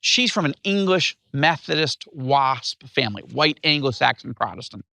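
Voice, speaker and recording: A man in his fifties from upstate New York, telling his life story as an interview guest in an animated way. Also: medium pitch, normal speed, creaky, dry recording. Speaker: guest author.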